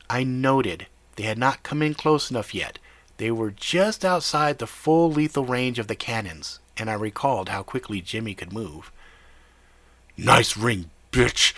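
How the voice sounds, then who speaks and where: A man reading a first-person story aloud in a steady, conversational way. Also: medium pitch, no echo. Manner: steady, conversational narration with casual swearing.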